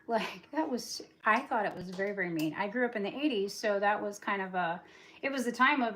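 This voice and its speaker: A fast-talking woman in her forties runs a laid-back livestream, rambling on as she washes dishes and cleans. Her mid-range voice is a touch bright, and a faint hiss or hum can be heard.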